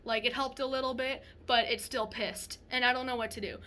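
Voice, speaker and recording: A woman's voice: a little high, fairly even intonation, fairly quick, sharp tone. A young woman vlogging to a phone camera, telling a story casually in a rambling way with many restarts.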